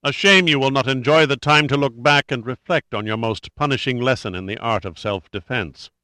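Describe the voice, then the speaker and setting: A man's voice: mid-range voice, brisk, pushed and bright, dry recording, close to an everyday voice. A man voicing a cold, contemptuous male villain who speaks with commanding scorn.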